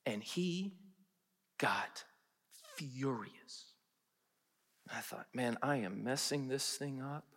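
A male pastor preaching a sermon in a chapel, telling funny stories with lively, animated delivery. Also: medium pitch, takes it slowly, long pauses, big-room sound. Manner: animated, humorous storytelling. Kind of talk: sermon with storytelling. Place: large chapel.

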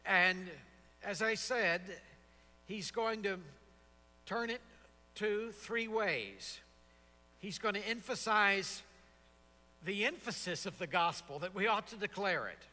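Man, high-pitched and bright, preaching with emphatic repeated phrases; chapel reverb. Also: lively intonation, takes it slowly, long pauses. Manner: expository, emphatic repetition. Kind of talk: sermon. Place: seminary chapel.

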